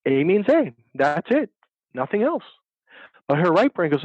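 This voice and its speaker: A dating coach with a high-pitched, sing-song voice tells stories at a measured pace in an animated interview, emphatically impersonating the people he describes. The recording is phone-quality with no room sound.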